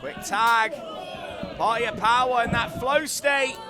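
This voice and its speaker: A man calling a wrestling match live, excitable and joking, often shouting over the action. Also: very high voice, measured pace. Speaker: wrestling commentator. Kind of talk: live play-by-play commentary. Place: indoor wrestling venue. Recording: loud live crowd and arena noise.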